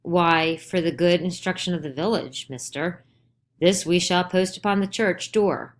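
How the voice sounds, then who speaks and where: A woman's voice: fairly low pitch, a little slow, lightly acted. A woman voicing a stern older male judge who questions urgently and insistently in a dramatized play reading. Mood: pressing.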